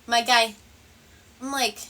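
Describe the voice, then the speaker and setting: A woman hosting a reaction commentary, talking in a sarcastic, rambling way and swearing as she goes. Her voice sits a bit high and sounds bright. She is set back a little from the microphone. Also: fairly even intonation, slow pace, distant mic. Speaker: commentary video host.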